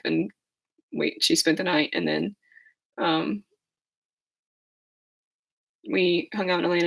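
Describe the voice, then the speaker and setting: A hoarse young woman chatting casually on a livestream, rambling and laughing at herself. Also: on the low side, a bit bright. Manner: rambling, giggly, self-deprecating. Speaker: livestream host.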